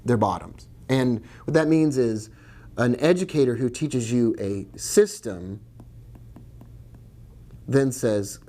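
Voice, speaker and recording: A man's voice: medium pitch, slow, pauses often, warm tone. A man teaching about trading in a casual video lesson, chatty and digressive, with jokes and asides. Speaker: trading educator.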